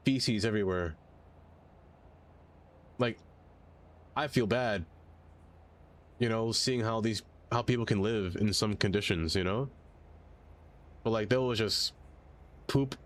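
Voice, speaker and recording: A man with a lowish voice speaks slowly, leaving long pauses, while streaming a city-building game. He's chatty and rambling with his viewers, and chat keeps sidetracking him.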